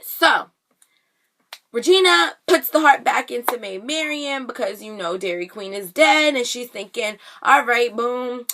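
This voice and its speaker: A young woman vlogger recapping a TV episode in casual chat, animated and sassy, full of slang. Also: on the high side, unhurried, noisy background.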